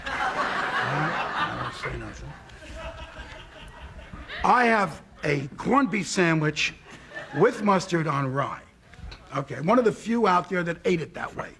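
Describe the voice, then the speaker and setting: A man from Brooklyn, a talk show guest, telling a comic anecdote in an animated way and voicing both sides of the dialogue himself. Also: fairly high pitch, takes it slowly, creaky, pauses often, background noise. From Brooklyn, New York.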